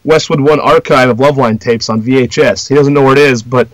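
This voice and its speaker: A man's voice: medium pitch, a little fast, no echo, rough recording. A man co-hosting a podcast in casual banter, rambling along with lots of fillers. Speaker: podcast co-host.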